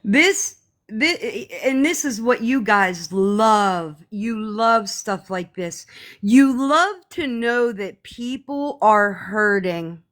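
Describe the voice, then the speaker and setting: A woman on a live stream, ranting to her viewers in a heated, profane, sarcastic way, often slowing down to stress her words. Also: medium pitch, expressive, a bit bright. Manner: slow emphatic pauses.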